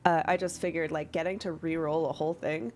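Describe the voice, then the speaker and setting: Woman dm just chatting, rambly, lots of likes and ums, swears a bit, soft music behind. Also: deep voice, steady tone, a little fast. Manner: rambling, filler-heavy and swears freely. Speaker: game master. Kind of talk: casual chat while running a tabletop game.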